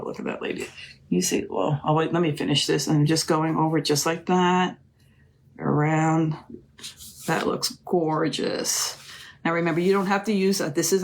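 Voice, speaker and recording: A middle-aged woman hosting a live crafting demonstration, chatty and gushing, often calling her viewers "ladies". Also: deep voice. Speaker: crafting live-stream host.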